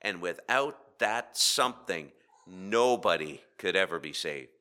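A man preaching a sermon with rhetorical questions and dramatic pauses, swinging between loud emphasis and hushed asides. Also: sits low, lively intonation. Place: church.

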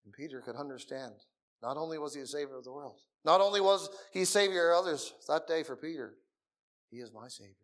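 A middle-aged man preaching a sermon in a meeting room, earnest, dropping to soft murmurs and rising again for emphasis. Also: fairly high pitch, brisk.

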